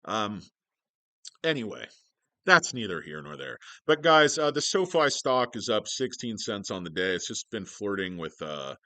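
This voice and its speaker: A man's voice: fairly low pitch, very animated, moderate pace, sharp tone, no echo. A man hosting a stock-market livestream, joking, swearing and rambling as he greets viewers.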